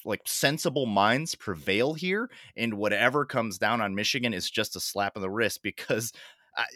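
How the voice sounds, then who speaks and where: A man's voice: on the low side, expressive, normal speed, bright, forceful tone, no room sound, clean studio sound. A man hosting a sports podcast in casual talk, ranting sarcastically and getting worked up as he goes.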